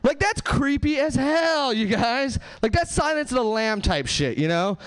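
A man doing a stand-up set on a club stage, talking to the crowd with lively asides and quick character voices. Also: very high-pitched, clear, resonant tone. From Southern California. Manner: animated, bouncing between voices and asides to the crowd. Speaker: stand-up comedian.

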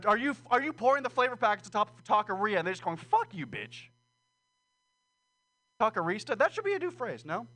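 A man's voice: high voice, sharp tone. A man doing a rambling, profane, self-deprecating stand-up set at an open mic. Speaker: stand-up comedian. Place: small comedy room with audience.

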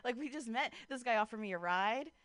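A young woman works a street corner with stand-up, her voice pitched a touch high and bright. Her tone is crisp and the sound dry and close. She laughs between jokes and banters with passers-by. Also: lively intonation, brisk, no room sound. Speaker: stand-up comic.

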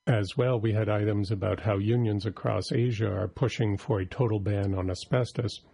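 A man reading a scripted labor news report in a steady delivery. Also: fairly low pitch, normal speed, creaky, slightly rough, no room sound.

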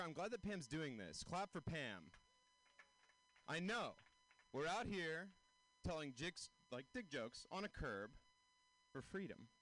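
A young man doing a stand-up comedy set outdoors, animated, jumping into high squeaky voices for his bits. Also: rough recording.

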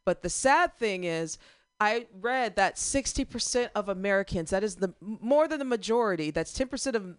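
A woman's voice: mid-range voice, lively intonation, moderate pace, clean tone, dry recording, clean studio sound. A woman in her thirties co-hosting a casual radio talk show, blunt and indignant, swearing freely. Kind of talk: casual chat.

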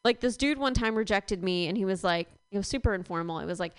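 A young woman performing a rambling, deadpan stand-up comedy set. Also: mid-range voice, fast, hardly any pauses, clear, resonant tone, no room sound. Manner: deadpan, rambling with many fillers.

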